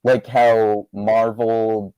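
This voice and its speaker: A man's voice: on the low side, level tone, drawn-out words, mellow, smooth, no room sound. A man co-hosting a book club podcast, asking questions and laughing often. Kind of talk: casual podcast chat.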